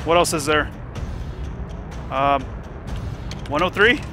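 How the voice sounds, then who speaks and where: A man giving live commentary while playing a horror game, excitable, swearing and yelping at scares. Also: fairly high pitch, takes it slowly, music in the background.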